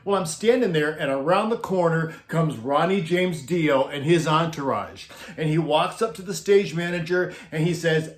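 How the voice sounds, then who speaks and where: A man's voice: fairly high pitch, normal speed, few pauses, roomy sound. A middle-aged man who worked on a concert sound crew, telling a backstage story casually and laughing often as he goes.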